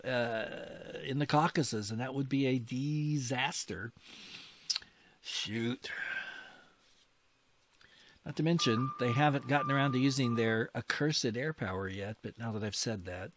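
Slow, bright-voiced man playing a war game. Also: medium pitch, slight background noise. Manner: thinks aloud, excitable exclamations, old-fashioned mild oaths. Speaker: gaming host. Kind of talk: casual strategy game commentary.

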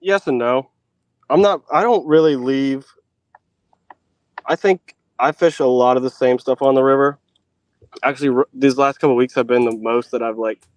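A man's voice: mid-range voice, darkish tone, clear, resonant tone, dry recording. A man who is a guest on a fishing podcast, talking in an easygoing way with frequent hesitations. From United States. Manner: easygoing, hesitant, lots of ums and restarts. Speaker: podcast guest, tournament angler. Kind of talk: casual podcast chat.

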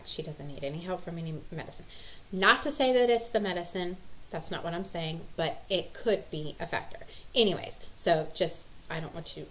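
A woman's voice: deep voice, fairly bright tone, low-quality recording. A woman, a mom vlogging in a rambling, casual chat full of ums. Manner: chatty, rambling, lots of ums.

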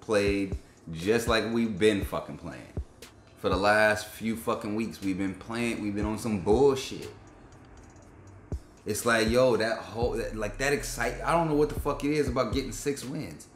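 A man's voice: lowish voice, unhurried, soft background music. A man hosting a sports fan channel, giving a frustrated, profane, slang-heavy rant reacting to his team's game. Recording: echoey room with faint background beat.

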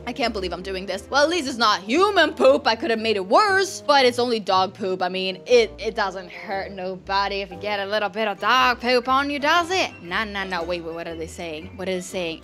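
A young woman giving playful gameplay commentary, excitable and gasping, often dropping to a hushed, sneaky tone. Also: mid-range voice, moderate pace, hardly any pauses, faint music behind. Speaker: gaming channel host.

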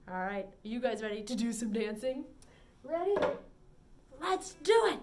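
A woman leading a preschool story time, singing and talking in a bright, sing-song, encouraging way. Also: high voice, a little hiss or hum. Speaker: children's librarian.

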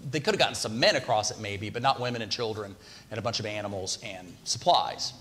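In a church sanctuary, a pastor delivers a conversational sermon and asks the congregation questions. His fairly low voice is fast, pushed and bright, and long hall reverb surrounds it.

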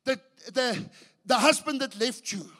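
A man preaching a sermon as pastor, swinging between hushed and shouted passages, often restarting his sentences. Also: very high voice, unhurried. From South Africa. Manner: restarts and repeats words mid-sentence. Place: church.

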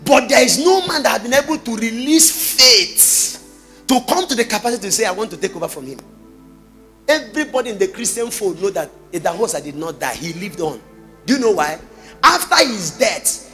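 A man with a Nigerian accent preaching a sermon, full of rhetorical questions and sudden shouted bursts. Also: high voice, expressive, brisk, faint music behind. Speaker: pastor.

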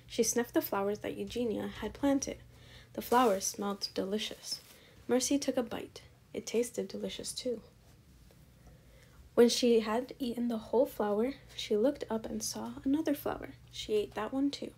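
A woman reading a children's chapter book aloud in a steady, gentle storytelling manner. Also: a little high, normal speed, slightly rough. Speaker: storybook reader.

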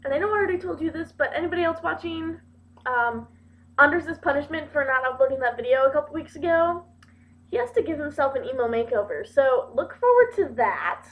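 A young woman talking to camera in a casual vlog, playful, giggly and quick to poke fun at herself. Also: high voice, lively intonation. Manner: giggly, playful and self-mocking. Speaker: video blogger. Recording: dull lo-fi webcam audio.

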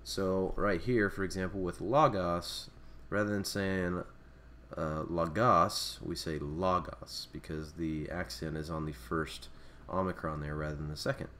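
Man, very low voice, unscripted language lesson, fillers and restarts, faint hiss behind. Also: steady tone, moderate pace, a bit bright. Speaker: Greek teacher. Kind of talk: screen-recorded language lesson.

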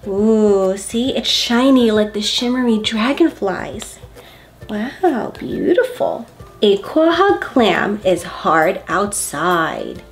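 A woman's voice: medium pitch, very animated, slow pace, faint music behind. A woman hosting a story time, reading a picture book aloud to preschoolers in a playful, coaxing way, with gasps and questions for the children.

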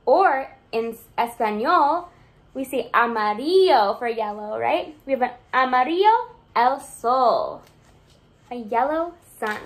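A young woman teacher reading a picture book aloud to young children, sing-song and encouraging, asking them questions as she goes. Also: sits high. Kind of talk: children's read-aloud lesson.

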